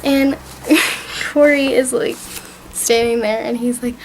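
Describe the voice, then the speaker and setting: Chatty young woman with a high voice. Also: steady tone, slow, pauses often, darkish tone, a little hiss or hum, rough recording. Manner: rambling, gushing, with frequent "and she's like" retellings. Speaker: vlogger reviewing a TV season. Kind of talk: casual chatty recap.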